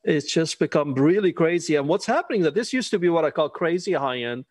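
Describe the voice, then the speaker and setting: A man's voice: fairly high pitch, expressive, a little fast, darkish tone, no echo. A middle-aged man from Iran, a guest chatting casually and laughing often, with wry asides. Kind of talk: casual interview conversation.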